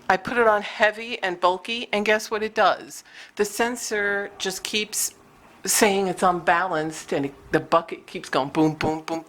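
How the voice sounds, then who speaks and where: A woman vlogger telling a chatty story to the camera about her day, sometimes laughing, a little out of breath. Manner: animated, scolding her cat in high bursts, laughing between lines.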